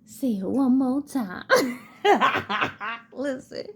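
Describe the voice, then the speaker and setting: A woman's voice: mid-range voice, animated, very slow, vocal fry. A woman giving a casual spiritual tarot and oracle card reading, who laughs often and breaks into song.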